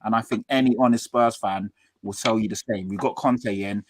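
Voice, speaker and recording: A man's voice: fairly low pitch, steady tone, normal speed. Firm, emphatic man in football chat. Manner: firm, emphatic, repeats for stress. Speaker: football podcast co-host, Spurs fan.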